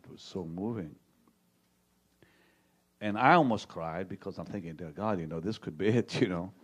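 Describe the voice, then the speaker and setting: A middle-aged male pastor preaches his testimony to a live congregation in a low voice. He halts and repeats words, dropping to a hush when recounting what was said to him.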